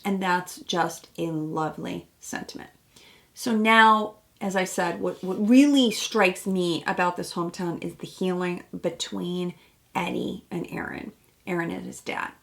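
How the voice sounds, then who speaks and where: Gravelly-voiced woman therapist commenting. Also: lowish voice, steady tone, unhurried, fairly bright tone. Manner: chatty and reflective, acts out quotes from the show. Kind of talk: casual commentary on a TV episode.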